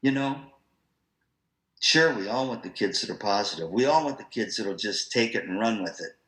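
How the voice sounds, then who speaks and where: A man presenting an online professional-development talk to music teachers, in a lively, conversational, storytelling manner. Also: lowish voice, normal speed, echoey room, low-quality recording.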